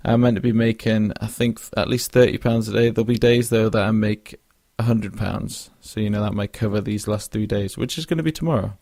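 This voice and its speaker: Young guy rambling on his podcast, lowish gravelly voice, lots of ums, kinda yawny, dry close sound. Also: fairly even intonation, brisk, hardly any pauses, darkish tone, no room sound. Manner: rambling, frequent fillers and restarts. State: yawning, drowsy. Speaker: podcast host. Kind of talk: casual solo monologue.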